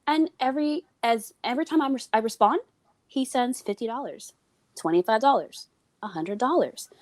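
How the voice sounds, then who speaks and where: A woman's voice: a little high, moderate pace. A woman guest in casual podcast chat, telling a story and acting out the voices of the people in it. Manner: animated, acts out quoted voices.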